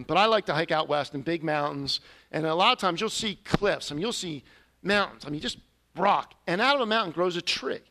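A man's voice: high voice, vocal fry, fairly bright tone. A man preaching a sermon, telling a personal confession in an earnest, storytelling way with sudden emphatic rises. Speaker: pastor.

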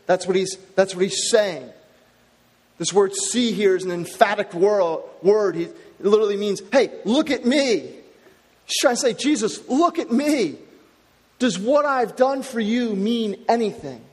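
A man's voice: high-pitched, in a large hall. A man preaching a sermon as pastor, emphatic and repeating his key phrases for weight.

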